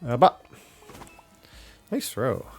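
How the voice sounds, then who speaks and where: A man's voice: mid-range voice, big pitch swings, extremely slow, creaky, soft background music. A young man streaming a game live, chatting casually with his viewers and reacting as he plays. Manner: chatty, reacting and talking to chat while playing.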